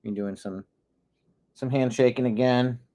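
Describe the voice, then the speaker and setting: A man's voice: mid-range voice, fairly even intonation, measured pace, mellow. A man hosting a casual online commentary show from his home desk, chatting and talking to his cat between stories. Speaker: host.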